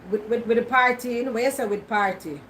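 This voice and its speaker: A woman's voice: fairly high pitch, fast talker, fairly bright tone, slight background noise, low-quality recording. A Jamaican woman vlogging in casual Patois, teasing and answering her viewers' comments. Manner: teasing, talks back to comments.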